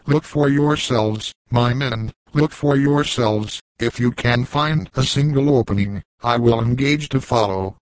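A man's voice: mid-range voice, unhurried, hardly any pauses, dry recording, natural voice, poor audio. A man voicing a grim, solemn old frontier trapper who speaks in weighty, archaic phrases. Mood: grave warning. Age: older.

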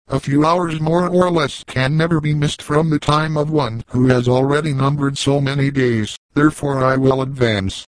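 A man reading the part of a calm, dignified aged trapper, speaking in grave, old-fashioned phrases. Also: mid-range voice, no echo, lightly acted, low-quality recording.

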